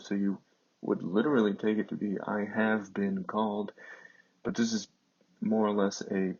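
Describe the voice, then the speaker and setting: A man teaching a classics lesson, speaking slowly and haltingly over on-screen text, with many fillers. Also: lowish voice, darkish tone, slightly rough, muffled recording.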